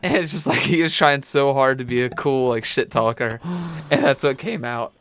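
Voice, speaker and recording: A man co-hosting a casual sports podcast who tells rambling, animated stories. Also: mid-range voice, normal speed, dry recording, studio quality. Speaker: podcast co-host.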